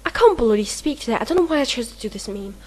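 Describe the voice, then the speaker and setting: A woman's voice: on the high side, animated, quick pace, a little mellow, a little hiss or hum. Giggly, rambling young woman. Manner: rambling, giggly, self-mocking, lots of fillers. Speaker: video maker answering a meme questionnaire. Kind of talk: casual chat.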